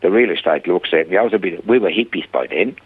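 Older Swiss-accented man, low and husky, animated storyteller. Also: quick pace, phone-quality sound. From Switzerland. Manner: animated anecdotal storytelling, acting out dialogue. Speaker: guest telling his life story. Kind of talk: storytelling interview.

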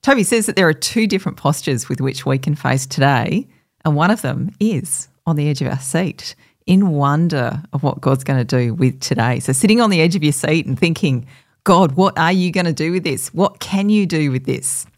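A man speaks as a radio host, linking songs in a smooth, upbeat way. His voice sits a little higher than most men's. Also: lively intonation, moderate pace. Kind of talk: radio DJ link.

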